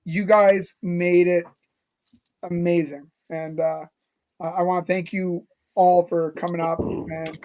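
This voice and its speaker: A man with a notably high voice hosts a casual podcast chat. He tells stories in a loose, rambling way, circling back and restarting as he goes. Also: level tone, slow pace, darkish tone. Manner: rambling storyteller with many fillers and restarts. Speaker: podcast host.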